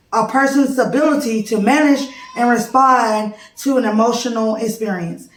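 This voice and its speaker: In an echoey room, a preschool teacher walks through a class presentation in a relaxed, informal way. Her slightly high voice sounds like it's coming from some distance away from the microphone.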